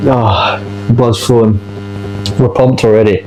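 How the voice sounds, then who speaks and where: A man's voice: medium pitch, slow, over music, low-quality recording. Breathless man in a gym. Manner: relaxed, coaching tips between sets. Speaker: fitness vlogger. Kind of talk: casual gym vlog talk. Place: gym, indoors.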